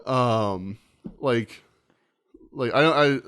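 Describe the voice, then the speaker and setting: A man in his thirties tells a story to his co-host. His talk is casual and animated, full of swearing, and he acts out what people said. His voice sits at an average pitch. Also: very slow, smooth. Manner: animated, profane anecdote-telling with acted quotes. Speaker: podcast co-host.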